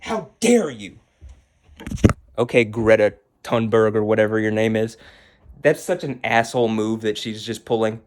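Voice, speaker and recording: A man's voice: lowish voice, fairly even intonation, moderate pace, slight background noise. Guy venting hard on his vlog, shaky and angry, keeps circling back, swears a lot. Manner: agitated, heated, repetitive, swearing. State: shaking with anger. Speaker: vlogger. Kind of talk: angry personal rant to camera.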